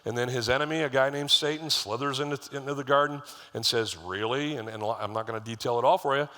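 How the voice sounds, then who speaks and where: A middle-aged man, the lead pastor, preaches with a quick pace and a medium-pitched, slightly bright voice. His sermon is conversational and full of stories, with asides to the congregation, recorded amid live church hall reverb.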